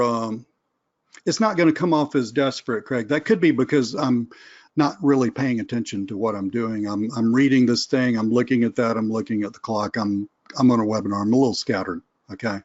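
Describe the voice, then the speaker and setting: In a conversational live webinar, a sales trainer demonstrates his points by role-playing phone calls. His medium-pitched voice is a little mellow, and the recording is muffled.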